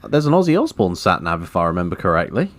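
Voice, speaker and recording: A man's voice: sits low, very animated, very fast, a little hiss or hum. A man co-hosting a podcast, chatting casually with laid-back, agreeable asides. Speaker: podcast co-host.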